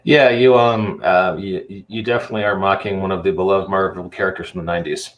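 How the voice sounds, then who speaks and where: A man's voice: deep voice, steady tone, a little fast, slight background noise. A man hosting a podcast in casual chat, hesitant, with many fillers and restarts. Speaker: podcast host.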